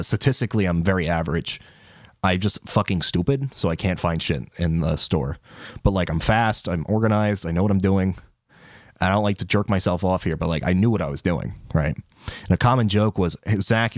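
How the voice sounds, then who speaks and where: Young guy rambling story on a podcast, kinda low voice, dry close mic, swears a lot. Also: no room sound. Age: young adult. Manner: rambling storyteller, swearing, laughing, voice jumps high in quotes. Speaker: podcast co-host. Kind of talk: casual chat.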